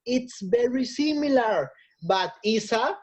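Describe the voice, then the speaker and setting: Woman teacher, lively, higher-pitched, patient pacing, bilingual English and Spanish. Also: slow. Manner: encouraging, repeats phrases and switches into Spanish. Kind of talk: online lesson for young learners.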